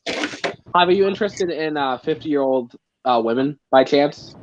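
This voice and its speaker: A man's voice: fairly high pitch, animated, normal speed, a crowd in the background, rough recording. A man hosting a livestream in casual chat, joking and laughing often. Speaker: livestream host.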